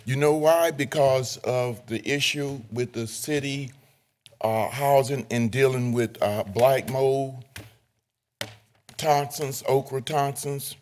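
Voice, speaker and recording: An older man giving a public comment at a city council meeting, earnest and halting, with many fillers. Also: medium pitch, a little mellow.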